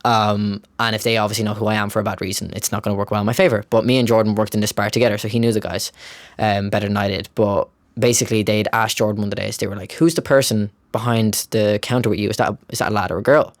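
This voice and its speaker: A young man with a Dublin Irish accent hosts a casual podcast. He rattles through his stories at a quick clip and swears as he goes. The sound is dry and close. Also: fairly low pitch, no echo. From Ireland. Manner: storytelling, animated, swears casually. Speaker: podcast host. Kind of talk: casual chat.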